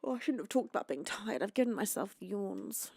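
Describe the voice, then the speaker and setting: A woman's voice: medium pitch, expressive, fairly quick, vocal fry, no room sound. A young woman from the UK chats to her live stream audience in a rambling, friendly way. She sounds a little tired and sleepy. Her voice sits in a middle range and is recorded close and dry, with no room sound. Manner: chatty, rambling, greets viewers warmly. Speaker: singer-songwriter streamer. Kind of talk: casual chat with live chat.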